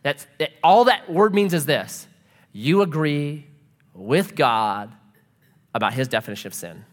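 A man preaching a sermon as a pastor, telling stories with lively energy. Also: on the high side, unhurried. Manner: animated storytelling preacher. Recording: reverberant hall.

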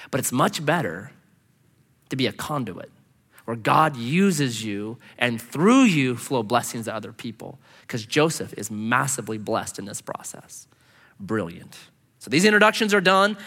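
A man preaching a sermon as a pastor, telling stories with lively, acted-out voices. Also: on the high side, in a large hall. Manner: animated storytelling, acting out quoted voices.

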